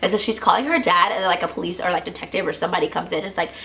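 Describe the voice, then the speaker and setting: Racing along with vocal fry in a voice on the low side, a woman chattily recaps a TV episode for her channel over slight background noise. She says "like" constantly and acts out quotes in lively voices.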